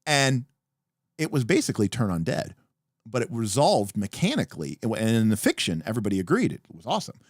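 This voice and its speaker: A man hosting a livestream, explaining tabletop game rules in an animated, emphatic casual way with some profanity. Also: fairly low pitch, a little fast, no echo, studio quality. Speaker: podcast host. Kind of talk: livestream talk about tabletop games.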